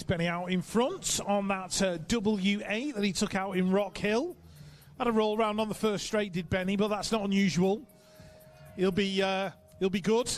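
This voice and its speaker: A man calls a race live from an outdoor track, briskly reeling off rider names and tossing in chatty asides. His voice sits high and bright for a man. Faint music plays behind him. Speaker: race announcer. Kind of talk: live sports commentary.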